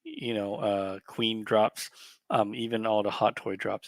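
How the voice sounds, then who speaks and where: A man's voice: lowish voice, fairly even intonation, measured pace, gravelly, no echo. A man co-hosting a collectibles stream, ranting profanely and with exasperation in casual chat.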